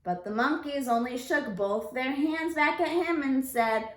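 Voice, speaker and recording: A female teacher reading a picture book aloud to children, expressive and unhurried, pausing to ask them questions. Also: high voice, reverberant. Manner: expressive, slow storytelling, asks the children questions.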